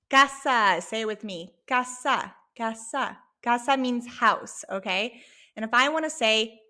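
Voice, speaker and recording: A woman teaching an online language lesson from home, sounding out each word slowly and checking in with "okay?". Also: medium pitch, bright, forceful tone. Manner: slow, drawn-out demonstration of words with frequent "okay?" checks. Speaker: Spanish teacher.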